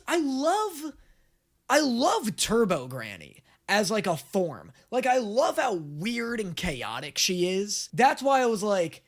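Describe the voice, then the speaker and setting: A young man hosting an anime reaction video, gushing excitedly in a casual chatty way with some swearing. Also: high voice.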